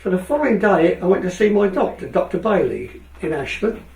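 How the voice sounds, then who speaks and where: A man's voice: sits high, a little fast, creaky. An older man, a retired speedway rider from England, telling a long anecdote and acting out the other people's lines. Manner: animated storyteller, acts out other people's lines. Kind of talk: anecdotal storytelling. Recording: echoey room, from a distance.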